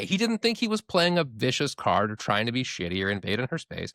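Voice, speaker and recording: A mid-range, slightly bright voice races along with few pauses as this man co-hosts a casual podcast discussion. Animated and candid, he swears freely and plays the characters in his stories. The recording is dry.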